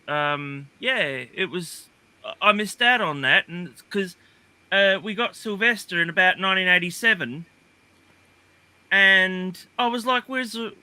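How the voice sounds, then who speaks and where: A man's voice: on the high side, pushed and bright, clear, resonant tone, no room sound. A man on a livestream, chatting casually and rambling with many fillers and restarts. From Australia. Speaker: guest. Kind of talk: casual chat. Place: livestream call.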